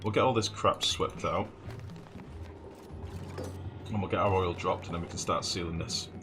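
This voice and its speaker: A man's voice: low voice, fairly even intonation, normal speed, noisy background. A man giving casual gameplay commentary as a let's play host, thinking aloud, muttering numbers to himself and swearing now and then. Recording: game music playing underneath.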